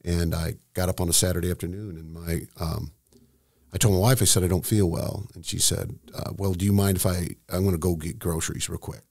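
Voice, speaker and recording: Low, gravelly-voiced man telling a story. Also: steady tone, a little mellow, no echo, studio quality. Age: middle-aged. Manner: emotional, halting, many restarts. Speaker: estate planning seminar host, guest. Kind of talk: candid storytelling in conversation.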